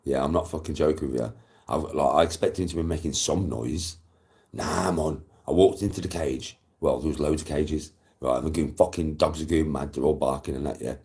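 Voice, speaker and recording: A man's voice: rumbling low, a little fast, darkish tone. A man chatting casually to viewers, swearing often and telling rambling stories.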